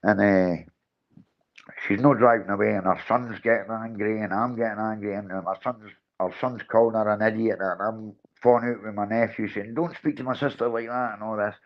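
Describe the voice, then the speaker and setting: A middle-aged man tells a story to his livestream viewers, animated and acting out the dialogue as he goes. His voice sits low, and the stream audio is dull and lo-fi. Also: moderate pace. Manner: animated, acts out his own and others' lines. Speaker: livestream host.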